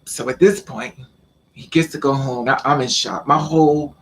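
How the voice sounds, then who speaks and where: In a casual vlog, a man with a mid-range voice tells a personal story at a normal speed, animated and stammering into repeats as he acts out what the people in it said. A faint hiss or hum sits under the recording.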